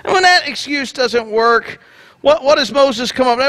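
A man preaching a sermon, his voice high and bright with a lot of swing in its pitch. He jokes in asides and acts out the people of the story in different voices. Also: moderate pace. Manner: lively, joking asides. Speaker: pastor. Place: church.

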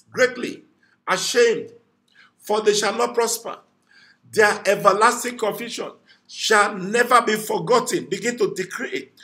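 Fervent high-voiced pastor praying. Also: male voice, a little slow, sharp tone. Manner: fervent, repetitive declarations, prays in tongues. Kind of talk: morning devotional prayer and sermon.

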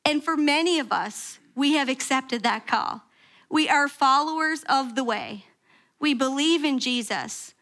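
Woman pastor, high and bright, animated sermon storytelling in church. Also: a little slow. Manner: animated storytelling, acting out quoted prayers with sharp pitch jumps. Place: church sanctuary.

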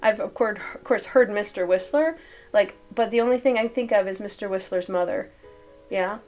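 A woman's voice: medium pitch, normal speed, a little mellow, faint music behind. A woman reading old newspaper articles aloud and breaking off for chatty, think-aloud asides.

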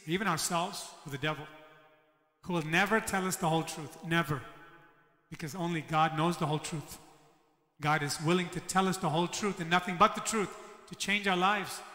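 A man's voice: sits high, pushed and bright. A man preaching a sermon as pastor, voicing the words of God and Jonah as he tells the story. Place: church. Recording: echoey church hall.

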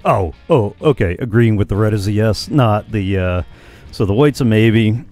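A man's voice: lowish voice, moderate pace, darkish tone, faint music behind. A man chatting casually with his live-stream viewers while he plays, musing aloud and hesitating with frequent ums and restarts.

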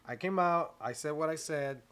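A young man joins a casual podcast chat, tossing in wisecracks and curses as he tells his side of the story. His voice sits high, with a bright, sharp edge. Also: moderate pace, a little hiss or hum. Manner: jokey, chimes in with wisecracks, swears. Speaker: podcast co-host, band member.

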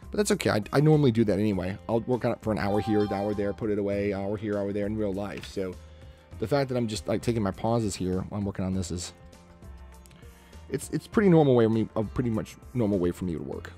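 A man's voice: on the low side, fast, dark tone, soft background music. A man chatting casually with his stream chat while he draws, rambling and muttering to himself as he works. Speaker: artist livestreaming a drawing session.

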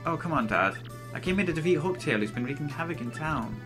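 An earnest young turtle hero, voiced by a man, eager and a touch whiny. The voice is bright and fairly high, like a homemade game dub. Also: expressive, quick pace, soft background music.

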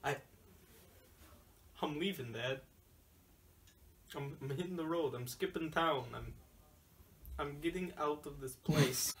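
A man playing a fed-up young adult son leaving home in a comedy sketch, talking deadpan and sulky with bursts of shouting. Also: on the high side, takes it slowly, pauses often, slight background noise. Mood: somber.

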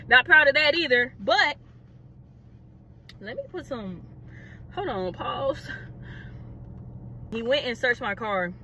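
A young woman vlogger telling a story in a casual, dramatic, animated way. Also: high voice, takes it slowly, pauses often, noisy background. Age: young adult.

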